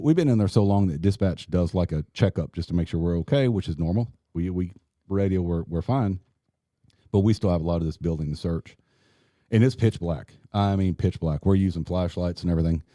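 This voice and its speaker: Middle-aged man, retired cop guest, animated storyteller, dry close sound. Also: low-pitched, brisk, no room sound. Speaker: retired police officer guest. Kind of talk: casual storytelling.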